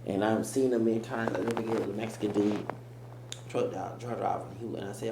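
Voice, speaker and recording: A man's voice: on the low side, steady tone, quick pace. A man giving rambling, emphatic reaction commentary as host of his own channel. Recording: echoey room with faint hum.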